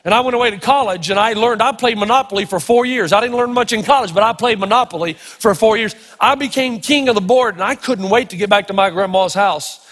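A middle-aged man preaches with a strikingly high voice and tells stories in an animated, playful way. His words ring out in a large hall with a long reverb tail. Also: fairly quick, few pauses. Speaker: pastor. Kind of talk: sermon.

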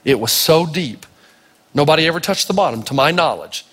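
High-voiced pastor guy from tennessee, super animated, preaching, hall echo all around him. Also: brisk, breathy edge. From Tennessee, United States. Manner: animated storytelling, acting out voices. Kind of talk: sermon. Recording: reverberant hall.

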